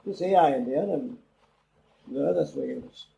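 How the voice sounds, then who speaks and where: A man's voice: on the high side, fairly quick, creaky, mellow, low-quality recording. An older man, telling a rambling oral-history story and acting out the dialogue. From England. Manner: rambling, acts out quoted dialogue. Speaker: interviewee. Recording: old cassette interview with faint hiss.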